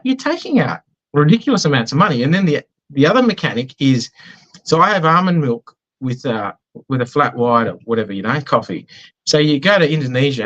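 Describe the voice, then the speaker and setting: A man's voice: medium pitch, a bit bright, lo-fi sound. An Australian man chatting in an interview, telling anecdotes in a self-deprecating way. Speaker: business guest. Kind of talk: casual conversational interview.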